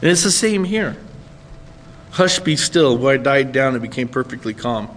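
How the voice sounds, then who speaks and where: A man's voice: mid-range voice, lively intonation, fairly quick, in a large hall, slight background noise. A man preaching a sermon in a conversational way, often checking in with his listeners. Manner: conversational, asks listeners "right?". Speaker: pastor.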